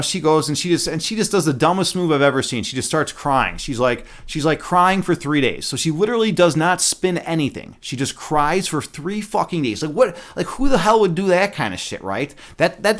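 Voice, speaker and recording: A man reading a fairy tale aloud as a streamer, breaking off into profane, excitable, rambling commentary. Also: fairly high pitch.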